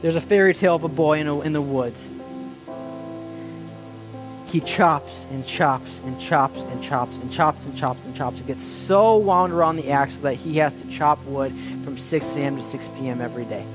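A man preaching a sermon as pastor, impassioned, swinging between loud pleading and hushed quiet lines. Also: fairly high pitch, moderate pace, over music.

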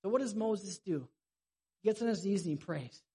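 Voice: mid-range voice, animated, moderate pace, mellow, slightly rough. A preacher giving a sermon in a conversational, vivid storytelling way.

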